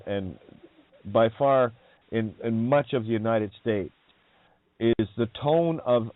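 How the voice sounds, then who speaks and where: A man's voice: medium pitch, no room sound. A man hosts a radio talk show and rambles loosely. He chuckles a lot, swears freely and plays with words. His voice comes over a thin, phone-like line with a dry, close sound. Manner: laughs often, profane, wordplay-heavy. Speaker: radio host. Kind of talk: casual rambling monologue.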